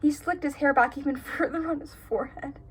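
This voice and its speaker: In a brisk, high-pitched voice, a young woman reads the stories she wrote as a kid, peppering them with sarcastic, giggling, incredulous asides.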